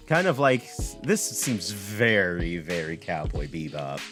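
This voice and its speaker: A low-voiced man talks through a game demo in rambling, self-correcting let's play commentary. His pitch swings widely as he reacts. Faint game music plays underneath. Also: sing-song, moderate pace, fairly bright tone. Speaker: game developer playing a demo.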